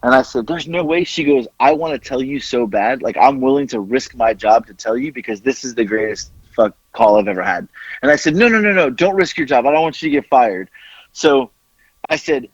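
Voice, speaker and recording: A man's voice: mid-range voice, brisk, slightly rough, dry recording. A man hosting a podcast, telling a story with lots of swearing and acting out both sides of a phone call. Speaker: podcast host.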